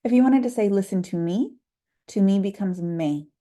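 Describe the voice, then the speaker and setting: A woman teaching a short Spanish lesson for school staff, explaining clearly and patiently and slowing down to model words. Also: medium pitch, mellow. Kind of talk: instructional video lesson.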